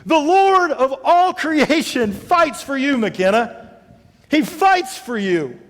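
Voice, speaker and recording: A man preaching a sermon to his congregation. He moves between loud, emphatic calls and low, quiet scripture reading, and he speaks to members by name. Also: big pitch swings, slow, long reverb tail. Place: church sanctuary.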